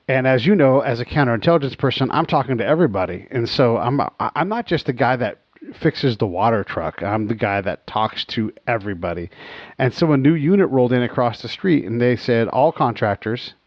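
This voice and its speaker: A man's voice: medium pitch, no room sound, highs cut off. A man hosting a podcast, telling stories in a casual chat and acting out the dialogue he quotes. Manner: animated, acts out quoted dialogue. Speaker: podcast host.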